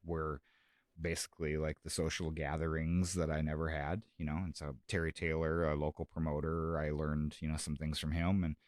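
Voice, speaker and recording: A man's voice: a bass voice, level tone, normal speed, dry recording, studio quality. A man from South Dakota, a music and comedy promoter, chatting casually on a radio show, rambling with lots of fillers and restarts. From Sioux Falls, South Dakota.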